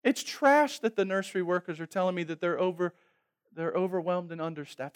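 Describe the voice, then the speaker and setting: A male pastor preaching a sermon with humor, moving between loud exhortation and quiet, reflective asides. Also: high voice, a little fast, clean tone.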